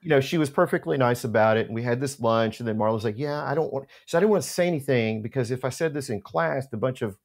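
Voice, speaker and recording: Man, middle-aged, casual anecdote, animated, restarts, mid-pitched voice. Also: quick pace, hardly any pauses. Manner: animated storyteller, many restarts. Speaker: podcast co-host telling a story.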